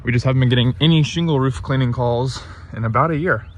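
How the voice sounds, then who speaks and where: A man's voice: medium pitch, fast talker, slight background noise. A man talking casually through a work-day vlog outdoors, rambling with plenty of ums. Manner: laid-back, rambling, lots of ums. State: a bit out of breath. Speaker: pressure washing business owner. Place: outdoors at a rural job site.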